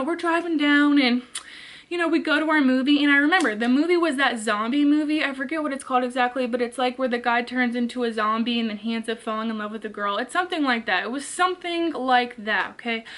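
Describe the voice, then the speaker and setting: A woman vlogger telling a story in a casual, animated way, with lots of filler words and swearing. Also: high voice. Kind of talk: storytime vlog, casual retelling.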